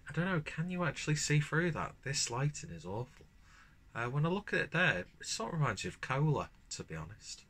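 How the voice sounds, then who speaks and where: A man's voice: fairly high pitch, big pitch swings, fairly quick, fairly bright tone, husky. A man reviewing a beer to camera at home, chatting casually with rambling asides and the odd swear word. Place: at home, indoors. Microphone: camera mic.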